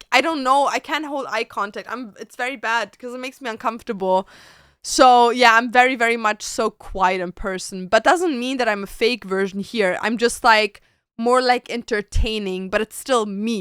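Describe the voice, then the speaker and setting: Woman streamer chatting w her viewers, blunt n sweary, keeps saying babes, bright clear voice. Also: fairly high pitch, normal speed, dry recording, studio quality. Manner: blunt, profane, keeps calling listeners babes. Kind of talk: casual chat with stream viewers.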